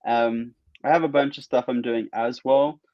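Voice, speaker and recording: An excitable, rambling man on a muffled call. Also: mid-range voice, normal speed, no room sound. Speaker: guest artist. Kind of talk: casual interview chat. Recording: muffled dry audio.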